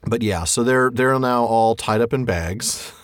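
A man's voice: medium pitch, a little slow, dry recording, clean studio sound. A man co-hosting a podcast, chatting casually and reading aloud with animation, laughing along as he goes. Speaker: podcast co-host. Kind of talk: casual chat and read-aloud.

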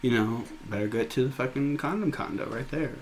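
A man from Nebraska with a flat Nebraskan accent, co-hosting a podcast in blunt, profane, joking chat. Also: mid-range voice, brisk, a little hiss or hum. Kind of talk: casual chat.

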